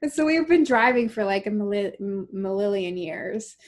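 A woman in her thirties from Canada, chatting casually on a call. She tells stories with plenty of laughter and some swearing, at a middling pitch. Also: expressive, a little slow. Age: 30s. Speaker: podcast co-host. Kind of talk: casual chat. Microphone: remote call recording.

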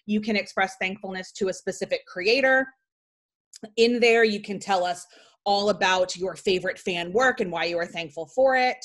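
A woman in her forties hosting a podcast, chatting casually through a story with frequent "like" fillers and lively asides. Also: medium pitch, normal speed. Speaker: podcast host.

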